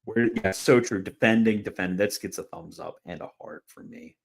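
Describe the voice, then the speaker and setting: A man's voice: on the low side, moderate pace, vocal fry. A young man hosting a live stream, chatting casually and answering viewers' questions, rambling with fillers and laughing at comments. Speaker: livestream host answering chat.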